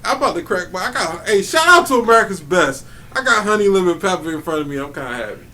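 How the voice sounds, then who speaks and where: A high-voiced man with a very lively, swooping delivery trades jokes with friends on a podcast and breaks into laughter and loud whoops. He sounds set back from the mic, with faint noise underneath. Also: fast, distant mic. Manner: joking, laughs often, loud outbursts. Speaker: podcast co-host. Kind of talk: casual banter among friends.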